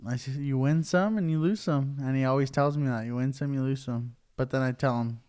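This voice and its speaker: Smooth-voiced man chatting casually. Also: mid-range voice, a little fast, a little mellow. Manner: loose, rambling, filler-heavy. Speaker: podcast co-host. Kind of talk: casual chat.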